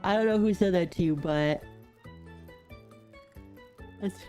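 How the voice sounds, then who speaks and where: A young adult woman chats casually on a game stream, sleepy and yawning often, poking fun at herself as she reads chat aloud. Her voice is on the low side, mellow and slow, with soft background music.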